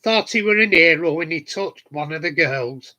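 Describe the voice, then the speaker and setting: A man's voice: a little high, expressive, normal speed, pushed and bright. A middle-aged man with a Yorkshire accent, telling cheeky anecdotes in casual chat to his viewers from his shed. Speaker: hobbyist vlogger answering viewers. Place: home garden shed.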